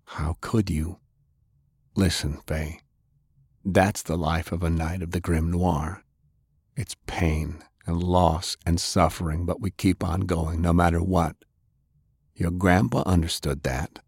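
A man's voice: low voice, steady tone, takes it slowly, a little mellow, slightly rough, no room sound, clean studio sound, exaggerated voice. A man reading an audiobook, voicing a somber, resolute older knight who leads a dwindling order. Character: grim older male knight, weary leader.

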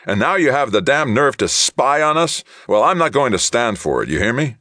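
A man's voice: rumbling low, big pitch swings, slow, creaky, bright, forceful tone, dry recording, clean studio sound, exaggerated voice. A man voicing an older male commando who snaps back at his captors with indignant, snarling lines.

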